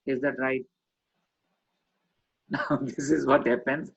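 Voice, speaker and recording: Animated male trainer on a lo-fi call. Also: medium pitch, extremely slow, creaky, background noise. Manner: animated, demonstrates voice modulation with swings from whisper to loud. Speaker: communication trainer. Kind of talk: online training session. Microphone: video call.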